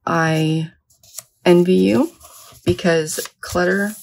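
A woman's voice: on the low side, fairly even intonation, very slow, vocal fry, darkish tone, slight background noise. A middle-aged woman in a sleepy early-morning mood, rambling chattily and self-deprecatingly while she crafts. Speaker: vlogger.

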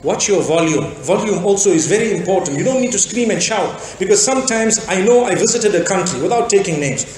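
A preacher from Zimbabwe with a fairly high voice, giving a sermon in a very echoey hall. He tells stories and acts out small bits of dialogue, with faint ambience behind him. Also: lively intonation, a little fast, few pauses, darkish tone, a little hiss or hum. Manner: storytelling with acted-out dialogue. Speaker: Islamic preacher.

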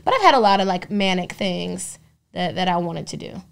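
A young adult woman co-hosting a podcast, telling stories in a profane, animated way and acting out the voices of the people in them. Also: lowish voice, moderate pace, gravelly, clear, resonant tone. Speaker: podcast co-host. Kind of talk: casual podcast storytelling.

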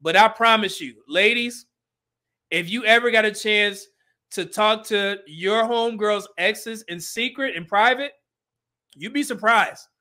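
A livestream host reacts to clips with blunt, preachy commentary and an occasional laugh. His high voice has a bright, forceful edge, and he speaks at a measured pace.

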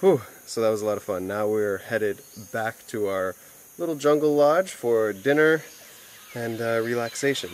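An upbeat young man talks through his travel vlog in an easy, mid-pitched voice. His narration is loose and chatty, filled with "like" as he goes. A faint hum of outdoor noise sits under him on the beach. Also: moderate pace. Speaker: travel vlogger. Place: outdoors on a small island beach.

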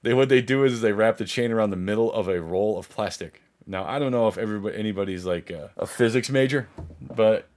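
Man with a lowish voice, vlogger, rambling story, cursing a lot, restarts mid-sentence. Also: fast talker. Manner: profane, rambling, frequent restarts; animated, acts out others' voices. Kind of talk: casual storytelling.

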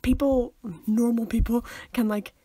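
A young woman chats on a podcast, her voice sitting a little high. She giggles often and slips into acted voices as she tells stories. The sound is close and dry. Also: steady tone, unhurried, warm tone, no echo. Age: 20s. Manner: chatty, giggly, acts out quoted voices. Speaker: podcast co-host. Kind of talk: casual chat.

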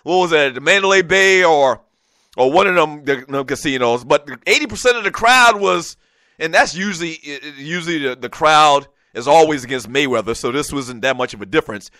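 Bright-voiced, rambling sports talk host. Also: male voice, a little high, fairly quick, no echo. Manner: rambling, animated storytelling. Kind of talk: casual sports talk monologue.

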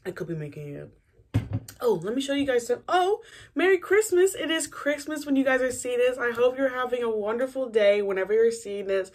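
Young woman, slight morning hoarseness; casual, rambling chat for a get-ready-with-me vlog. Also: on the high side, expressive, a little fast, a little mellow, slight background noise. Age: young adult. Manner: chatty, rambling, self-deprecating. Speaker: beauty vlogger.

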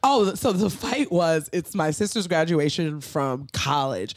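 Woman, middle-aged, lively storyteller, acts out voices, medium pitch, dry close studio sound. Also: a little slow, no room sound. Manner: animated, acts out quoted voices, laughs often. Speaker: comedian guest. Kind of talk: casual podcast storytelling.

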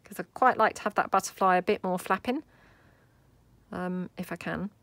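With no echo in the recording, a UK woman speaks at a moderate pace in a fairly low voice while hosting a crafting tutorial. She's chatty as she works at her craft table, thinking aloud and making soft asides.

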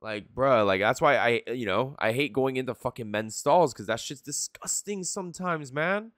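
A man's voice: medium pitch, moderate pace, dry recording, studio quality. A young man livestreaming his reactions to an anime, cursing freely and laughing often. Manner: animated, profane, laughs often. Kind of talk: live reaction commentary.

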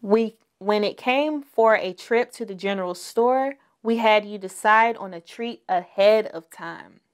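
A woman voicing a lively, teasing grandmother bear in a read-aloud storybook. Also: medium pitch, measured pace, smooth, close to an everyday voice. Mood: explaining.

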